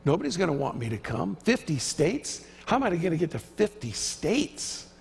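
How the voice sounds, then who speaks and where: A man's voice: on the high side, big pitch swings, normal speed, creaky, a little hiss or hum. A man preaching a sermon in a church, emphatic and acting out the quoted voices he describes. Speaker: visiting preacher. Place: church sanctuary. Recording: church hall reverb.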